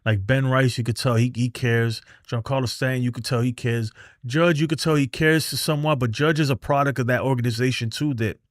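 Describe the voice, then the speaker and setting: A man's voice: mid-range voice, steady tone, fairly quick, no room sound, clean studio sound. A man hosting a baseball fan show, ranting heatedly on a livestream and reading chat messages, exasperated, profane, and often repeating himself.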